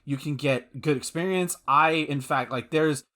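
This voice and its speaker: A man's voice: a little high, measured pace, sharp tone. A man co-hosting a gaming podcast in casual chat, rambling with many fillers and restarts, enthusiastic and swearing casually. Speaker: podcast co-host.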